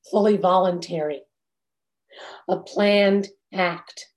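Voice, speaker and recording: Slow, mellow-voiced woman giving a dharma talk. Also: on the low side. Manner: measured and reflective, with long pauses. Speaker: meditation teacher.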